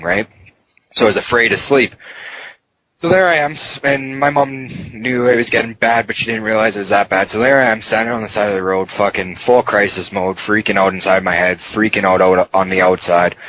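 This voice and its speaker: In muffled podcast audio carrying faint noise, a guest shares his story candidly in an interview. His lowish voice has a fairly bright tone, and he's raw and emotional, swearing often and filling gaps with fillers.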